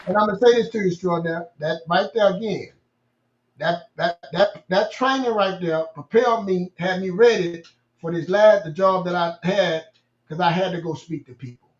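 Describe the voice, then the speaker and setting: A man's voice: high-pitched, moderate pace, roomy sound, muffled recording. A man co-hosting a casual motivational faith talk, emphatic and preachy, telling stories with repeated phrases.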